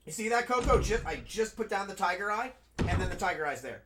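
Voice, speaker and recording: A man's voice: sits high, lively intonation, fast, noisy background. A man playing a video game and chatting casually, rambling and frank, with frequent swearing. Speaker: gaming streamer. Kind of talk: casual commentary while playing.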